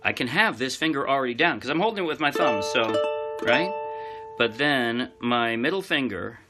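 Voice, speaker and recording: A man giving a casual ukulele tutorial, explaining chords and strums step by step in a relaxed, chatty way. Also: mid-range voice, moderate pace, loud music behind the voice. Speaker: ukulele teacher. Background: loud ukulele playing.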